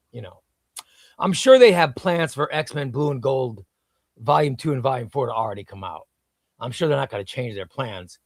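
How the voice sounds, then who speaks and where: A man's voice: mid-range voice, no echo, clean studio sound. Chatty man hosting a comics livestream. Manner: chatty, reads viewer comments aloud; hypes sponsor in a shouted ad read. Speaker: livestream host. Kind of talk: casual livestream chat.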